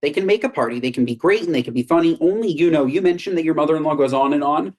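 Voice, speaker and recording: A man's voice: racing, darkish tone. A man co-hosting a comedy podcast, talking emphatically and breaking into mock rants. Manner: emphatic, mock-ranting, swings pitch widely. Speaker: podcast co-host. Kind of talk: casual comedic chat.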